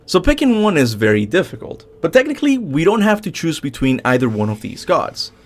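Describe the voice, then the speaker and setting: A man hosting a gaming channel, reading a scripted top-ten commentary with upbeat emphasis. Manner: lively, swooping pitch with upbeat emphasis.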